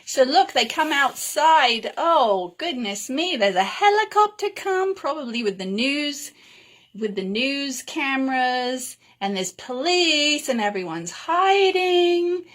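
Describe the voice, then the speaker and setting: A woman reading a picture book aloud to children, gentle and expressive. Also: high-pitched. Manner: gentle, lilting, slow and expressive. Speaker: storyteller.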